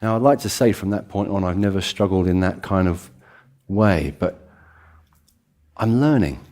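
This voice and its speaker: A British man preaching a sermon in a church room, animated and storytelling, with self-deprecating humour. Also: low-pitched, moderate pace. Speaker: pastor.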